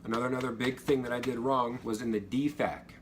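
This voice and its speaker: A young man telling stories and giving casual advice about basic training, acting out the instructors' yelling. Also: mid-range voice, fast, background noise. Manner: animated, acts out drill instructors' yells. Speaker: vlogger, former Air Force trainee.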